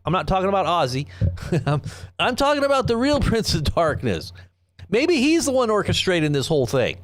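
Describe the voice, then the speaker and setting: A man's voice: high-pitched, wildly swooping pitch, normal speed. A middle-aged man hosting a live online news commentary show, talking in a sarcastic, rambling way and reading quotes aloud with mocking emphasis.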